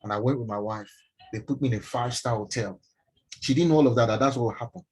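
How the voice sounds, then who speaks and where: A middle-aged Nigerian man with a Nigerian accent, a doctor telling a personal story to an online audience in an emphatic, animated way. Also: mid-range voice, fast, husky, rough recording. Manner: emphatic, animated, addresses listeners directly. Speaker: doctor and mentorship speaker. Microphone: online stream from home.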